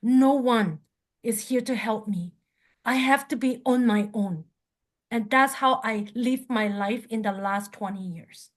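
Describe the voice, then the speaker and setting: A qigong teacher tells a personal story animatedly, her voice sinking into a soft, calm tone when she describes calming down. She speaks a little high at a measured pace.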